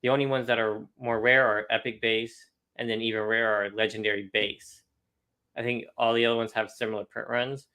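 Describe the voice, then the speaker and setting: A man's voice: medium pitch, flat delivery, a little fast, pushed and bright. A young man co-hosting a casual, chatty talk about trading cards, laughing often. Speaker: co-host of a card collecting show. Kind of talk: casual chat.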